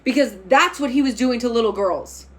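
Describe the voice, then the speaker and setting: A woman's voice: a little high, normal speed. A woman reading tarot cards on a spiritual vlog, speaking bluntly and with fiery emphasis, swearing freely as she makes bold declarations. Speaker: tarot reader.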